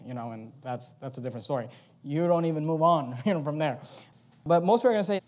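A man with a somewhat high voice teaches a method for sharing the gospel. He moves through numbered steps and acts out sample conversations. When he quotes a verse he slows down and leans on each word for stress. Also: animated, a little mellow. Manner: walks through steps and role-plays dialogue; slow emphatic verse reading. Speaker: evangelism trainer.

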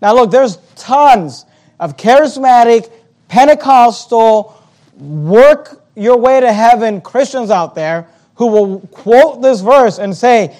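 A man's voice: very high voice, expressive, slow pace, a little mellow. A man preaching a sermon, reading scripture aloud and explaining it in an emphatic, argumentative way. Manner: reads King James scripture aloud, then explains it plainly.

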